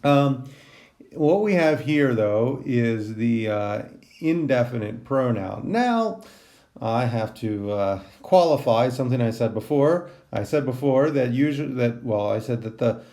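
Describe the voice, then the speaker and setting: A man's voice: medium pitch, lively intonation, a little slow, dark tone. A man teaching a Greek translation lesson, thinking aloud with many ums and restarts. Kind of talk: recorded class lecture.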